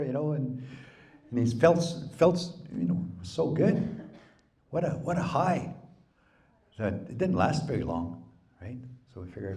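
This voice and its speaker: A male storyteller with a low voice, relaxed and folksy, telling traditional tales to a live audience. He rambles warmly along, dropping frequent asides as he goes. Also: a little slow, pauses often. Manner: folksy, relaxed, many "you know"s. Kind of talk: oral folk storytelling. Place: public library event.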